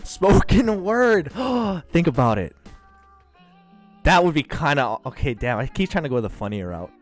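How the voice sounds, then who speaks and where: A man in his thirties chats on a live stream in a lively, bouncing voice that climbs fairly high. He laughs and tries out rap voices while talking to his viewers. Soft music plays behind him. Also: measured pace. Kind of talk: casual live-stream chat.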